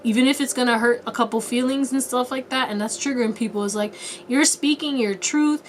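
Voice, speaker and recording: This tarot reader has a highish voice and a steady tone, talking a bit quickly against slight background noise. Her reading for viewers is casual and playful, full of slang, chatter, and frequent laughter.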